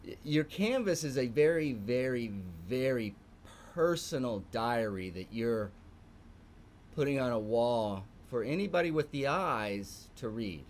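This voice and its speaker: Texan man teaching art, slow and emphatic with a sing-song lilt, faint room noise behind. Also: medium pitch, lively intonation. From Texas. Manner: emphatic, lingers on words, repeats phrases for stress. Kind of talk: live online morning art lesson.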